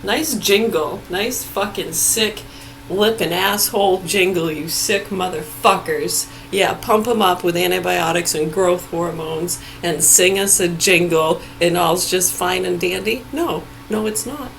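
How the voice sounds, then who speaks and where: A woman's voice: on the low side, a little slow, vocal fry, fairly bright tone, slight background noise. A woman on a swearing, angry rant, laughing between outbursts.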